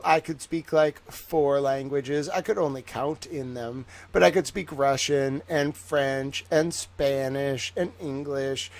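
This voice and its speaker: A man hosting a livestream, chatting casually in a rambling, profane way with lots of fillers. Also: mid-range voice. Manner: rambling, profane, heavy use of "like". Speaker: livestream host.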